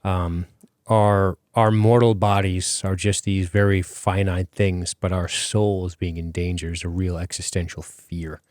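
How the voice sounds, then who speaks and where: A man's voice: low voice, level tone, unhurried, darkish tone, no room sound, studio quality. A man hosting a podcast in casual chat, rambling with many fillers and casual swearing. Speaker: podcast host.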